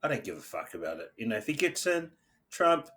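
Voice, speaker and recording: A man in casual podcast chat with a mid-pitched, bright voice. He is blunt and direct and swears freely. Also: sing-song, brisk. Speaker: podcast co-host.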